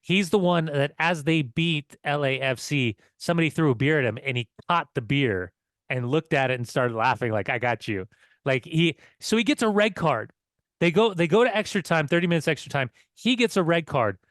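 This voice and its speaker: Casting: excitable male podcast co-host, slightly high voice, dry close mic. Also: brisk, no room sound. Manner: excitable, swears, laughs while telling stories. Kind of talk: casual football chat.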